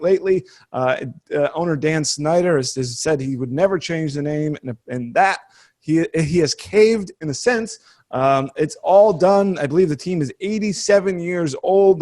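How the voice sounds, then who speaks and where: A podcast co-host with a somewhat high, slightly mellow voice brings up the stories in casual chat. He rambles and hesitates, often restarting his sentences and laughing.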